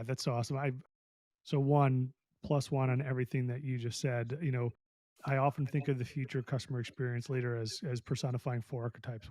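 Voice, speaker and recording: A man's voice: medium pitch, dark tone, no echo. A man hosting a podcast interview, chatting enthusiastically and casually with fillers. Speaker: podcast host.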